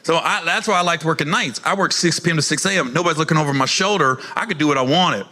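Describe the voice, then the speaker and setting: A man doing stand-up comedy, telling profane, animated stories and acting out the people in them. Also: on the high side, fast. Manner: animated, profane, acts out characters in quotes.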